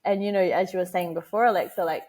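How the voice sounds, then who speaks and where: Husky woman telling a story. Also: on the low side, steady tone, quick pace, a little mellow. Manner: chatty, laughs often, acts out quoted voices. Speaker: podcast guest, motherhood educator. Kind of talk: casual interview storytelling.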